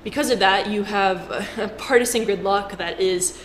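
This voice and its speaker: A woman's voice: medium pitch, moderate pace. A woman giving a casual, chatty explainer to camera, with jokey asides. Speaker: finance commentator. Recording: roomy echo with faint background noise.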